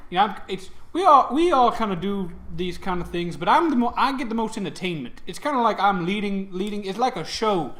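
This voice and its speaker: A man's voice: sits high, lively intonation, brisk, hardly any pauses, a bit bright, voice pushed up. A man voicing a mischievous male gnome god of humor, chummy and rambling, in a tabletop game. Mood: teasing.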